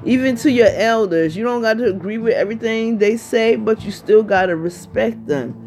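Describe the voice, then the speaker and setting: A woman in her fifties speaking to her viewers in a loose, rambling way. She keeps checking in with the listener and returns to the same points. Faint music plays softly behind her. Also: on the high side, moderate pace. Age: 50s. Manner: chatty, rambling, constantly asks "you know what I mean". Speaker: vlogger. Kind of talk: casual vlog monologue.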